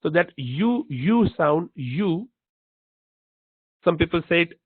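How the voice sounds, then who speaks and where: A man teaching pronunciation in a slow, patient lesson, repeating each sound to demonstrate it. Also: on the high side, animated, breathy edge, no room sound. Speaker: Quran recitation teacher. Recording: dry, tinny phone-like line.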